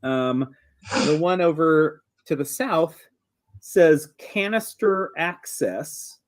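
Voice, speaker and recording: A man running a tabletop game as game master, talking in a relaxed, hesitant way full of ums. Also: fairly high pitch, slow pace.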